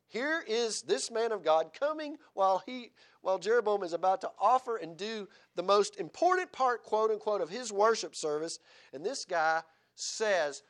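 A man with a high-pitched voice preaches a sermon in a church. He reads scripture aloud and keeps turning to his listeners with rhetorical questions, building up a sense of urgency. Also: animated, normal speed. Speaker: pastor.

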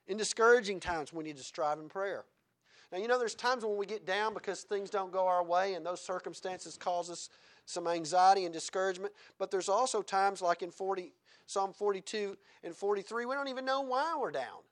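High-voiced man preaching a sermon. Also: moderate pace. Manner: swings between loud exhortation and quiet chuckling asides.

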